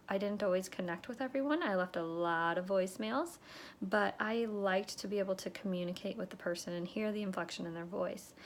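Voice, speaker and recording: A woman coaches direct sellers in a relaxed, talky way, often pausing to check in with "okay?" and slipping into the lines she uses on customers. Her voice sits in an ordinary middle pitch. A faint room hum sits behind her. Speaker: direct sales consultant. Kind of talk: instructional talk to sales reps.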